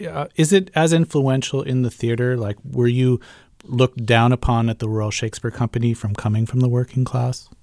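A man's voice: mid-range voice, fairly even intonation, moderate pace, vocal fry, a little mellow, no echo, clean studio sound. A man interviewing a guest, asking long questions with frequent hesitations. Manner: hesitant, full of ums. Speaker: radio interviewer.

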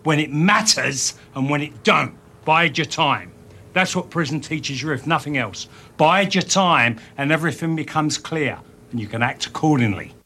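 An actor playing a tough ex-convict who puts on a thick Cockney accent and talks in slangy, menacing street talk, heard in a film clip. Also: male voice, fairly high pitch, moderate pace, bright, forceful tone, pitched above the performer's own voice. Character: tough ex-con man, thick Cockney put-on. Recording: film clip with faint ambience.

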